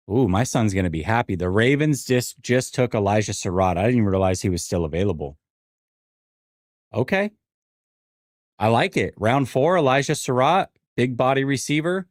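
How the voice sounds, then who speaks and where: A man's voice: medium pitch, no room sound, clean studio sound. A man hosting a live sports stream, reacting casually and rambling, often repeating himself with wry asides. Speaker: sports show host.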